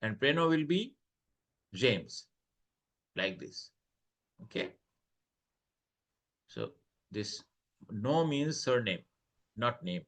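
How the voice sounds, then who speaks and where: A man's voice: medium pitch, big pitch swings, extremely slow, creaky, pauses often, a bit bright. A man teaching French online, reading short dialogues aloud and translating each phrase into English.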